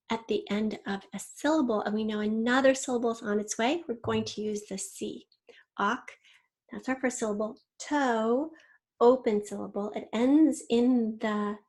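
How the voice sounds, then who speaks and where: Patient woman teaching spelling, fairly high voice. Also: a little mellow. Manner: patient, step-by-step, stretches out target words. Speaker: third grade teacher. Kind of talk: recorded online spelling lesson.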